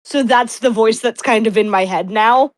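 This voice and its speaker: A woman playing in a tabletop game, chatting casually at the table with quick asides. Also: a little high, no echo. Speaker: player.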